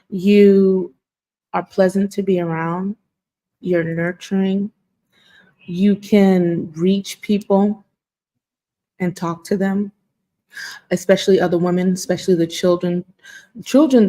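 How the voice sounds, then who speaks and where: A woman's voice: fairly low pitch, mellow. A woman speaking as a guest in a casual group discussion, emphatic and repeating points for stress.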